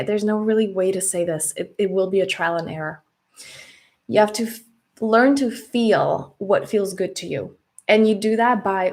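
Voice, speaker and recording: Female self-development coach, medium pitch, gentle and unhurried reassuring tone. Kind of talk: guided reflection talk.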